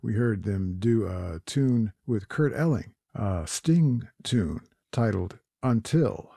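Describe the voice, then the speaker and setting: A man hosting a jazz radio show, back-announcing the tracks in a relaxed way with frequent fillers. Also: on the low side, takes it slowly, creaky, slightly rough, no room sound, studio quality.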